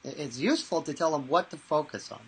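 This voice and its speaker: Speaking quickly in a slightly high voice with a breathy edge, a man who trains people in mental toughness answers interview questions. He tells lively anecdotes, animatedly doing the voices, and the audio quality is poor.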